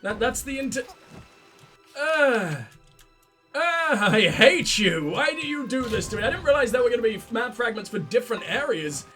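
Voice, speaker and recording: A high-pitched man with a stuffy nose narrates his gameplay in a sweary, sarcastic and excitable way. Faint game music runs under his voice. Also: normal speed. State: sick, stuffy-nosed. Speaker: let's play host. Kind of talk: gameplay commentary.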